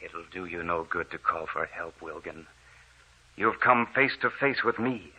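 An actor playing a vengeful dead man returned from the morgue, speaking slowly and in hushed, menacing tones in an old radio drama. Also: low voice, animated, slightly rough, heavily acted, low-quality recording. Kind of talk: 1940s radio drama acting.

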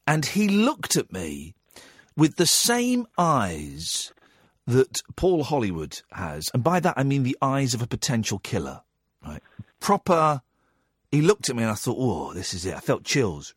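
A man calling a radio show, telling an anecdote in a lively, storytelling manner with frequent "right?" tags and stammered restarts. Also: medium pitch, a little slow, slightly rough, dry recording, clean studio sound.

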